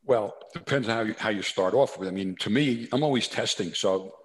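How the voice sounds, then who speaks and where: This New Jersey corporate consultant has a voice on the low side and talks at normal speed. He's the guest in a relaxed interview, spinning stories with plenty of tangents and restarts.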